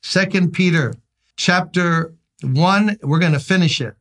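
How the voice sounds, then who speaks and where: A male pastor gives a daily devotional, chatty and full of little stories. He leans into points with emphasis and keeps it conversational. His voice sits a bit higher than most men's. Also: unhurried, a bit bright. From Brooklyn, New York. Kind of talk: devotional sermon.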